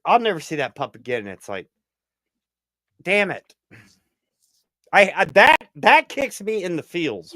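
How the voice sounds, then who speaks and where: A man in casual chat, telling rambling stories with lots of swearing and animated bursts. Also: on the high side, no room sound, clean studio sound. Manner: rambling, profane storyteller; animated, swings up in excitement. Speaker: prepper livestream co-host.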